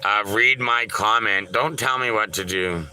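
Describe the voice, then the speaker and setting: A man's voice: on the low side, measured pace, pushed and bright, slight background noise, low-quality recording. A man hosting a casual livestream, rambling and joking as he greets viewers by name and answers their chat. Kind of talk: casual live-stream chat.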